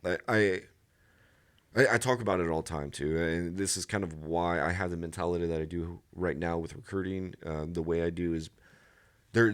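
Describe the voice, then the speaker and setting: A man in his thirties, a Marine guest on a podcast, telling rambling service anecdotes with frequent restarts and laughing at his own stories. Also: low-pitched. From United States. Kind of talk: casual storytelling interview.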